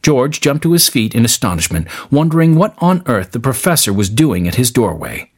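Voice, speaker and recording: A man reading a story aloud in a scripted, expressive style. His voice is husky, and his pitch rises and falls in a lively way as he carries the narration along. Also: normal speed.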